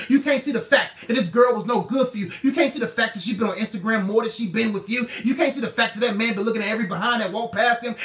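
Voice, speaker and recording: Man preaching w a high voice, yells then goes quiet, has ppl repeat his lines, echoey room. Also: slight background noise. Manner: swings from shouting to low, quiet asides; call-and-response, repeats slogans. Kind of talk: preaching sermon to a live audience.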